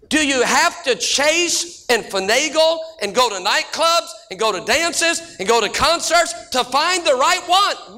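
Bright high-voiced joking preacher man. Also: expressive. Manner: folksy joking preacher, shifting between quick and slow drawn-out delivery. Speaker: pastor. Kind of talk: sermon with humorous stories.

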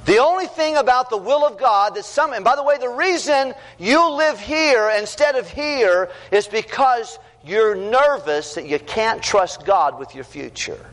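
A middle-aged man preaching a sermon to young people, earnest and storytelling, swinging from loud to hushed. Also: extremely high pitch, animated, measured pace, hardly any pauses. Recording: long hall reverb, faint background noise.

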